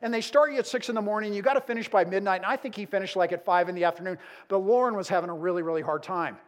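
A middle-aged male pastor preaching a sermon, dramatic and storytelling, moving between emphatic build-ups and hushed moments. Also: high-pitched, racing.

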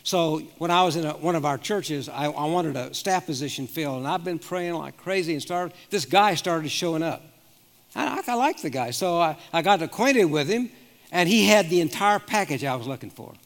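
An older man in his seventies preaches with a fairly high voice, telling stories earnestly and stumbling over his restarts. His words ring out with the long reverb of a big hall. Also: lively intonation, normal speed, fairly bright tone. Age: 70s. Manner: earnest storytelling with frequent restarts. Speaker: pastor. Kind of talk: sermon with personal stories.

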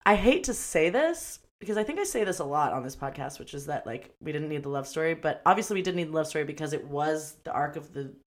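Sitting low with lively intonation, this woman's voice carries a casual movie chat on a podcast she co-hosts. She wanders from point to point, laughs easily and acts out lines.

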